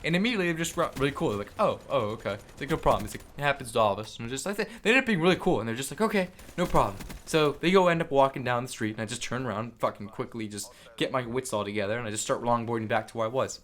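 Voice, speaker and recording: A young man talks quickly as he tells a rambling personal story to his camera. He swears freely and leans on filler words. A faint hiss sits under the recording. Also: medium pitch. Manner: rambling, animated, frequent swearing and "like". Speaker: vlogger. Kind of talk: storytelling vlog.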